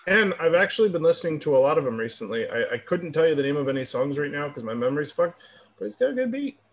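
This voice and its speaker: A man's voice: on the high side, big pitch swings, fast. A young man co-hosting a podcast, laid-back and joking in a casual comedic debate. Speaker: podcast co-host.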